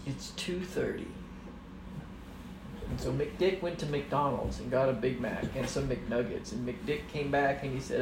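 A woman's voice: extremely low pitch, measured pace, gravelly, a little mellow, roomy sound, recorded from a distance, a little hiss or hum. A mother telling her children an improvised, rambling story in a playful way, laughing as she goes.

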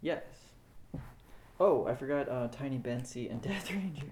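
A man's voice: medium pitch, animated, normal speed, heavy background noise. A man running a family tabletop game as game master, narrating playfully and often laughing.

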